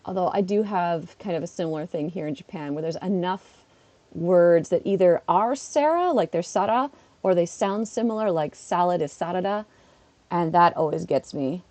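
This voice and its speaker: A woman's voice: on the low side, normal speed, warm tone, no room sound. A woman, a schoolteacher, chatting casually on a live stream while playing, laughing often and talking back to her chat. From Canada.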